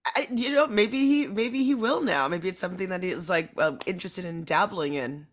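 A woman's voice: on the low side, fairly quick. A woman guest on a podcast, chatting casually, giggly and hedging. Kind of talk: casual chat.

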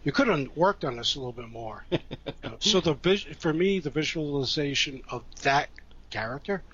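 A man's voice: on the high side, expressive, moderate pace, a bit bright, husky. Easygoing, rambling man co-host. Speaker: podcast co-host. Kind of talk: casual chat. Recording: dull lo-fi audio.

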